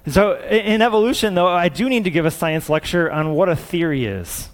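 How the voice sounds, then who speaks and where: A man's voice: sits high, brisk. A man preaching a sermon as a scientist, earnest and repeating words for emphasis.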